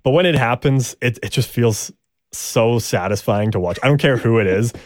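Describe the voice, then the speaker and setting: A man's voice: medium pitch, moderate pace, dry recording. A man co-hosting a casual sports podcast, rambling and hesitant with many restarts. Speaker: podcast co-host.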